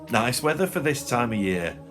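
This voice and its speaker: A man's voice: on the low side, wildly swooping pitch, a little slow, over music. A man voicing a bland middle-aged grocer who drones on cheerfully about the weather. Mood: chirpy. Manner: cheerfully droning small talk.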